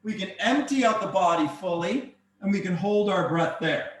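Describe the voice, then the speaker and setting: A man coaching a breathwork and exercise session, giving calm, encouraging step-by-step cues. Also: high voice, normal speed. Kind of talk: guided workout instruction. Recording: very echoey room, mic far off.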